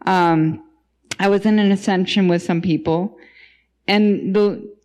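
A woman's voice: medium pitch, steady tone, takes it slowly, a little mellow. A woman who is a podcast guest, giving a casual spoken testimony and thinking aloud as she goes, with frequent restarts.

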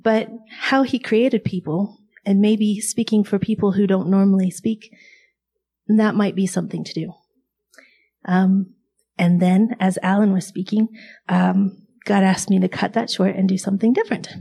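A woman's voice: mid-range voice, creaky, a little mellow, husky. A woman speaking in an online faith group, talking in a wry, conversational storytelling way. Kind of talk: casual faith talk.

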